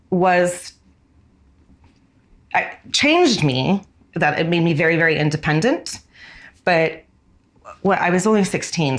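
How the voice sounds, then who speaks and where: A woman in her forties from the United States, a fashion designer, telling a personal story in a candid, reflective way that often slows down on key words. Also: low voice, fairly bright tone.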